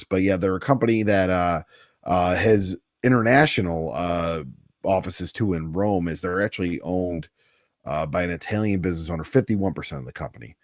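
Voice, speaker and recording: A man's voice: sits low, dry recording, clean studio sound. A man co-hosting a podcast, going over news items in a casual chat with easy laughs. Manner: reads out news items, then chats with a laugh. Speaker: podcast co-host.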